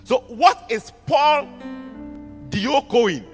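A man preaching a sermon to students, animated, repeating words and asking the audience questions. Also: very high voice, extremely slow. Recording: music underneath, long hall reverb.

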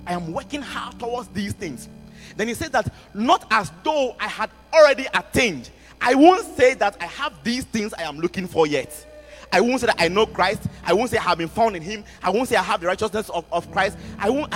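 A man preaching a sermon to students, animated, repeating words and asking the audience questions. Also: high-pitched. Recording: music underneath, long hall reverb.

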